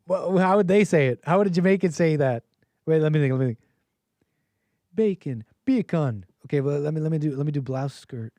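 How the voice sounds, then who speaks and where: A man's voice: a little high, fast, dark tone, no echo. A man in his thirties hosting a call-in livestream, talking casually in a rambling way, chuckling often and reading viewer messages aloud. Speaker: host of a call-in stream.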